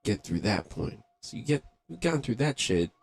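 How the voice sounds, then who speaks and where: A man's voice: medium pitch, very animated, normal speed, creaky, slightly rough. A man hosting a live beatmaking stream, rambling in a loose, profane, laid-back way. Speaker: livestream beatmaker host. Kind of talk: casual livestream chat.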